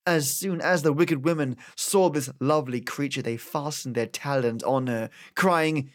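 An Australian man narrates an old fairy tale with lively, dramatic expression. His voice sits at a middle pitch for a man. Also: measured pace, hardly any pauses. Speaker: audiobook narrator, podcast host. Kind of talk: storybook narration.

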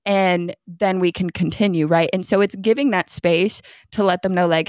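A woman's voice: mid-range voice, a little fast, hardly any pauses, no echo, clean studio sound. Earnest woman parenting podcast co-host. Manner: earnest, explains at length with many "like" and "right?". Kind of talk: casual chat.

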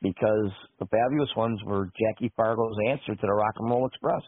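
A man with a lowish voice hosts the show and spins long, rambling stories with plenty of asides. The sound is dry and close, squeezed through a tinny phone line. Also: a little fast, no echo. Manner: rambling storyteller, full of asides. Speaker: radio show host. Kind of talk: casual call-in radio chat.

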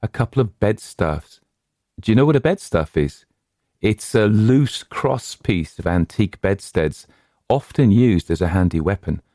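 A man narrating a short horror story in a measured, deliberate way. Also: fairly low pitch, lively intonation, warm tone, dry recording, clean studio sound. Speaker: story reader.

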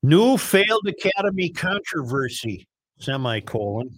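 A man's voice: a little high, big pitch swings, a little slow, husky, no echo. A man hosting a podcast, dictating headlines and bantering bluntly with his co-hosts. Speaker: podcast host. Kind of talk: casual studio banter.

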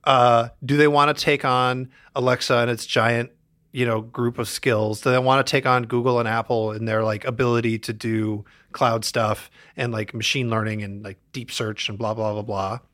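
A man's voice: mid-range voice, little pitch movement, normal speed, fairly bright tone. A man co-hosting a casual tech podcast, rambling through many fillers with a wry tone. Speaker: podcast co-host.

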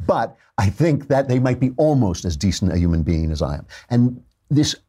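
A man's voice: mid-range voice, animated, normal speed, mellow, breathy edge. A man hosting a talk show, giving a wry, digressive, opinionated monologue in a studio. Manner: wry, digressive, self-mocking.

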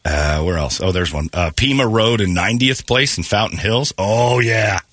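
A man's voice: lowish voice, moderate pace, fairly bright tone, dry recording. A man hosting a casual morning radio show, congested from allergies, loose and jokey in a studio.

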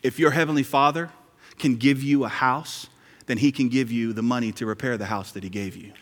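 A man's voice: medium pitch, steady tone, brisk. A male pastor preaching a sermon in a conversational, joking way, repeating key lines. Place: church sanctuary. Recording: hall reverb.

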